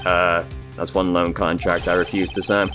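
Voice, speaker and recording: A man's voice: deep voice, little pitch movement, normal speed, a bit bright, soft background music. A man doing a jittery young lawyer. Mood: nervous. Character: nervous young male defense lawyer.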